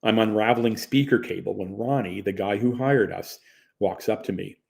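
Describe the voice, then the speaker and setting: A man's voice: fairly low pitch, moderate pace, creaky, darkish tone. A man, narrating his own memoir in a conversational, wry storytelling manner. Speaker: audiobook narrator. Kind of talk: first-person memoir narration.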